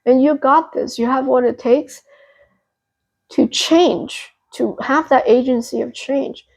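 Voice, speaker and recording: A young woman hosting a pick-a-card tarot reading, talking gently and reassuringly with a therapeutic tone and many fillers. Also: sits high, takes it slowly, gravelly, rough recording. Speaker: tarot reader and channel host.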